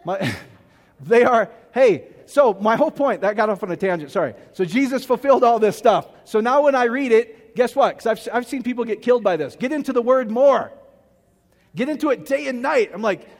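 High-voiced joking male pastor in hall. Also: expressive, normal speed. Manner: rambling, self-mocking, often asks the crowd. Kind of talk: casual joking sermon. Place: church hall. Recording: hall reverb.

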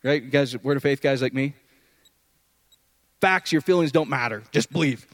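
A man's voice: medium pitch, normal speed, no room sound. A man preaching an informal, conversational sermon, often checking in with his listeners. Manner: conversational, animated, often asks "does that make sense".

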